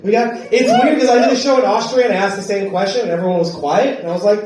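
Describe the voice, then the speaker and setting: A man from Wyoming doing a stand-up comedy set on a club stage, with loud, punchy delivery and shouted bursts. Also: high voice, rapid-fire, recorded from a distance, over a noisy crowd. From Wyoming, USA. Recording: roomy club sound from off-mic. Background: audience laughter.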